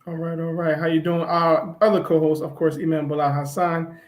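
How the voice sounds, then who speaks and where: A man co-hosting an online talk show, relaxed and easygoing, with lots of fillers. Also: a little high, fairly quick. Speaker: co-host.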